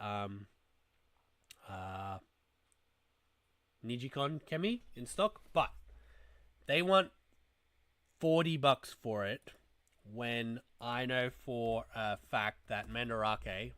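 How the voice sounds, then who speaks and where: A man's voice: mid-range voice, a bit bright, dry recording. A young man hosting a casual toy livestream, rambling and muttering asides to his chat as he browses. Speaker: toy review livestream host.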